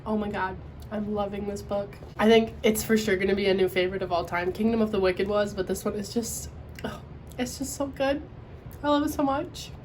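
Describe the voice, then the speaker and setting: A young woman chatting at home in a casual book vlog, gushing and excitable. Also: mid-range voice, slight background noise. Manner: gushing and excitable, quick to squeal. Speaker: book vlogger.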